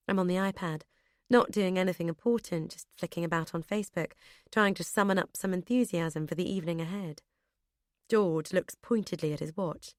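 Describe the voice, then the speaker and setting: A woman narrating a first-person audiobook in an expressive, brisk storytelling manner. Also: lowish voice, no room sound, studio quality.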